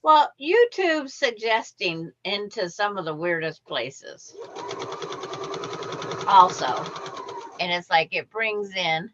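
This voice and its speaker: Slow, chatty woman on a muffled call. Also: medium pitch, sing-song, background noise. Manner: chatty, with frequent restarts and trailing phrases. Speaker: co-host moderating a quilting livestream chat. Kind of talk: casual chat. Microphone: video call. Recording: dull, muffled video-call audio.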